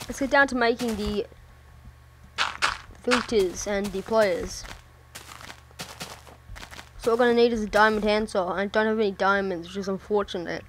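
Unhurried, swearing woman gaming commentator. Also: mid-range voice, background noise. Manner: mutters to herself and swears often while playing. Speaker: gameplay commentator. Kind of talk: casual let's-play commentary.

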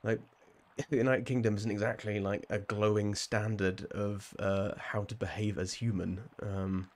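A man's voice: on the low side, level tone, unhurried. A man with a southern English accent, chatting casually with viewers while playing a game on a live stream, rambling and laughing often. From southern England.

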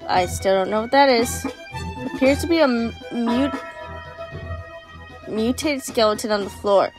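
A young woman chats her way through a video game, reading out the characters' dialogue in a playful, joking way. Her voice sits fairly high, with a little game music running faintly behind her. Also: unhurried. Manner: playful, swears casually, reads characters' lines aloud. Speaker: game streamer. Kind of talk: casual let's-play commentary reading game dialogue.

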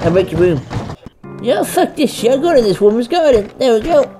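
A woman's voice: fairly high pitch, big pitch swings, moderate pace, music in the background. A woman giving let's play commentary, swearing and taunting the game's characters as she speaks as the goose herself. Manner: foul-mouthed, taunting, role-playing as the goose in first person. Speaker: gamer.

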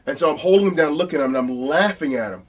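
A man as an interview guest, telling casual anecdotes in an animated, blunt way with some profanity. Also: a little high, very fast, recorded from a distance.

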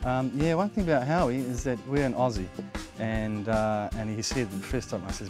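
A man's voice: medium pitch, moderate pace, over music. A man in an interview telling a hunting story, acting out both sides of a conversation. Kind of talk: anecdote in an interview.

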